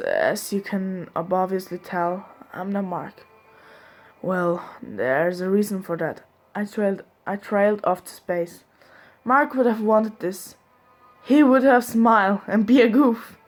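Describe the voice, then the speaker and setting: A woman reading a fan fiction aloud, voicing a grieving young male vlogger who falters and speaks in a subdued, hushed way. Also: mid-range voice, natural voice.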